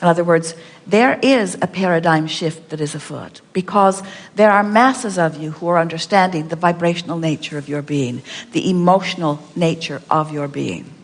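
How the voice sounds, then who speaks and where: A woman's voice: on the low side, normal speed. A woman giving an inspirational seminar talk, speaking as "we" and repeating her points with emphasis. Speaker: speaker answering audience questions. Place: large hall with audience. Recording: long hall reverb.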